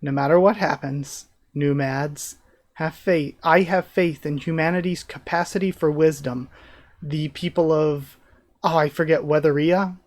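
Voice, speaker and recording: Excitable young man reacting aloud. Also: a little high, a little slow. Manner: reads panels aloud and comments excitedly. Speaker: reaction channel host. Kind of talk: live manga reaction, reading aloud.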